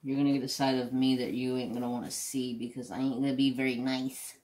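A man's voice: mid-range voice, level tone, fast, a little mellow. A middle-aged man chatting casually and bluntly while doing a craft, rambling and swearing freely. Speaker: craft channel host. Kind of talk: casual chat while diamond painting.

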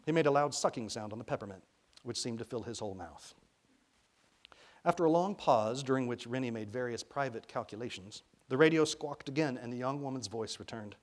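A man from Arkansas, an author reading his own fiction aloud in a lively, expressive way. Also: medium pitch, fairly quick.

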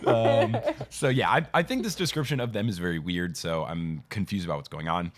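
A man's voice: low voice, expressive, a little fast. A young man hosting a podcast in casual chat with his sister, laughing often and acting out quotes from the book. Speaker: podcast host.

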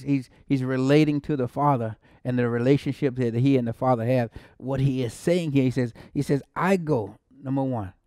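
A man's voice: medium pitch, mellow, no echo, studio quality. A man preaching a sermon as pastor, exclaiming often, repeating words and building to emphatic peaks with bursts of laughter. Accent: American. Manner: laughs between phrases.

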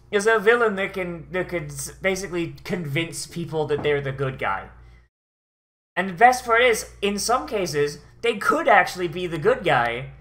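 A streamer watches an anime episode and offers rambling, profane reaction commentary, often restarting sentences. The voice is mid-range, sing-song and a bit bright, at a moderate pace.

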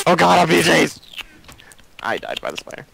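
A man's voice: a little high, wildly swooping pitch, moderate pace, gravelly, a bit bright, a little hiss or hum, rough recording. A man playing a game with a friend, chatting casually and groaning and exclaiming when he dies. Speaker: Let's Play gamer. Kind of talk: casual gaming banter.

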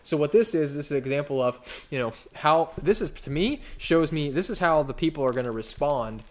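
A pastor preaching in a casual, conversational way, with wry asides and lively acted-out quotes. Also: male voice, brisk. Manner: animated, acts out quotes with big pitch jumps. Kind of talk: conversational sermon.

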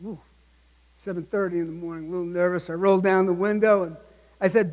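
A man in his sixties delivers a motivational keynote with punchy, emphatic lines, pausing to check in with his listeners. His voice sits fairly high for a man. The sound carries the long reverb of a large conference hall. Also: steady tone, darkish tone. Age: 60s. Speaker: keynote speaker.

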